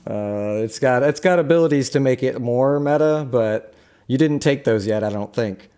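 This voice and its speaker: A young man introduces his live tabletop game as its game master. His tone is warm and mellow and his voice is smooth and resonant. He talks in an easy, halting way, with plenty of fillers between phrases. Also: medium pitch. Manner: relaxed, halting with many fillers. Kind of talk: hosting a live tabletop stream.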